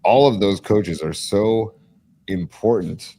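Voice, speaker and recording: A man with a lowish voice hosts a casual sports talk stream. He is opinionated and gets worked up, piling on fillers and restarting his sentences as he makes his case. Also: takes it slowly, mellow. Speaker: podcast host.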